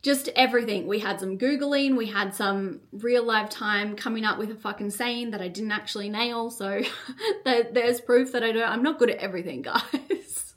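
A woman's voice: on the high side, normal speed. A young woman hosting a solo motivational podcast as a coach, fiery and full of swearing and "like" fillers. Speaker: podcast host and business coach.

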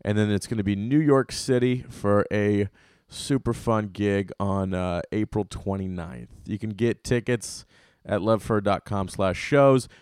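A man's voice: on the low side, measured pace, a little mellow, smooth, no echo, clean studio sound. A young man hosting a comedy podcast solo, ranting and telling stories in a loose, profane, rambling way. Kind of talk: casual solo podcast rant.

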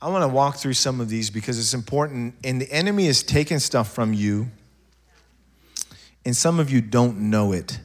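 A man serving as pastor gives a sermon to the congregation in a mid-range voice at a moderate pace. He moves from quiet asides to loud, animated bursts, and his loose stories are full of restarts.

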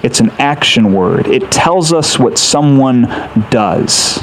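A man delivers a sermon in an earnest teaching manner, walking listeners through a scripture passage. His voice sits at an ordinary pitch, and he keeps asking rhetorical questions to draw them in. A faint layer of noise runs under the recording. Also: animated, slow, rough recording. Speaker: pastor.

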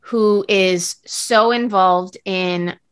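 Woman, earnest, casual chat, bright voice, podcast co-host. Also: medium pitch, steady tone, extremely slow, smooth. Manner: chatty, earnest, lots of fillers.

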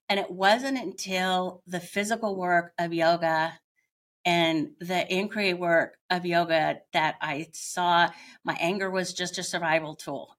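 A middle-aged woman, a podcast guest, telling her own story in a candid, reflective way and pausing often as she searches for words. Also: fairly low pitch, a bit bright. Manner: candid, searching, with frequent pauses.

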